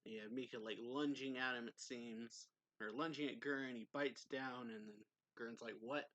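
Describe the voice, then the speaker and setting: A man's voice: mid-range voice, steady tone, normal speed, a bit bright, dull audio. A man casually recapping a manga chapter in a rambling way, full of fillers and reading quoted lines aloud. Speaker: manga reviewer.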